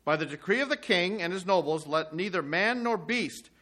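A man's voice: high voice, animated, normal speed, sharp tone. A man preaching a sermon, reading scripture aloud with rising emphasis and explaining it in plain asides.

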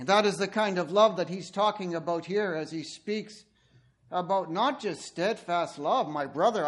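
A man preaching a sermon, telling stories and speaking directly to his listeners. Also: on the high side. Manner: animated storytelling, addresses listeners directly.

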